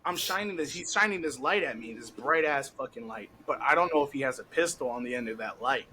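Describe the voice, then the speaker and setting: Young man, casual podcast storytelling, animated, laughing, bright tone, slight noise behind. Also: mid-range voice, fairly quick, poor audio. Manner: animated, laughing, heavy cursing, acts out quotes. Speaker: podcast host.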